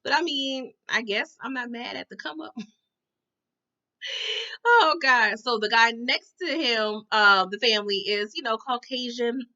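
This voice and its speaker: A woman's voice: fairly high pitch, unhurried, bright, forceful tone. A woman recapping a TV episode in casual chat, with sassy slangy asides and lots of "you know" and "okay?" tags. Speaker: TV recap reviewer. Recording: dull lo-fi sound.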